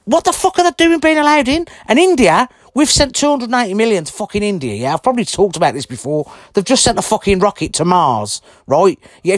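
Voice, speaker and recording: A man's voice: sits high, no echo, studio quality. A man delivering an angry, heavily sworn ranting monologue to camera, blunt and indignant. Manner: heavy swearing, blunt and indignant.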